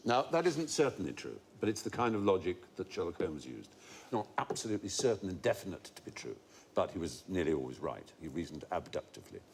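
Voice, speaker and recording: A middle-aged man hosting a comedy quiz show, explaining trivia in an articulate, measured way. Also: low voice, sing-song, gravelly, breathy edge.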